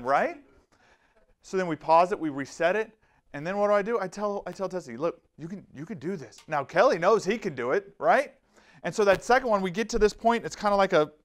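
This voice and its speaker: A man speaking at a slightly high pitch, giving an energetic safety talk to a room of listeners. He tells stories with quick asides and acted-out quotes, keeping the tone lively and animated. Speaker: safety trainer. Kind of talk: lively live presentation.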